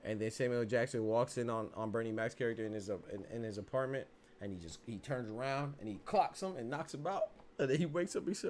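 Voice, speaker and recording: A man hosting a podcast, giving casual, animated, rambling commentary that keeps circling back to "you know what I'm saying.". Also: fairly low pitch, fast. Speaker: podcast host.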